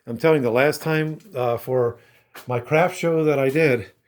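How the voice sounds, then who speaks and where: A man's voice: medium pitch, normal speed. Rambling man in a roomy workshop. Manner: rambling and meandering. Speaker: woodworking shop owner. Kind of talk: casual chat to viewers while working. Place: woodworking shop. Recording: roomy shop echo.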